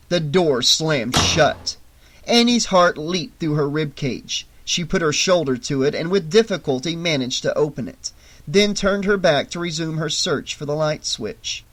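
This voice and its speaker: A man's voice: a little high, fairly bright tone. Man reading a horror audiobook. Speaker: audiobook narrator. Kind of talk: audiobook narration.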